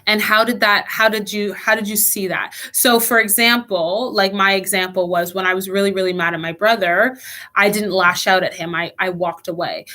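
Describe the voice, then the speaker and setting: A woman's voice: medium pitch, pushed and bright. A young woman leading a children's church lesson online, telling a personal story earnestly with frequent restarts.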